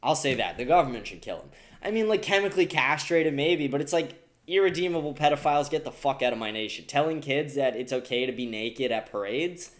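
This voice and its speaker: A man's voice: medium pitch, lively intonation, a little fast. A man hosting a podcast, ranting profanely and indignantly about the news. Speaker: podcast host. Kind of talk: casual political commentary.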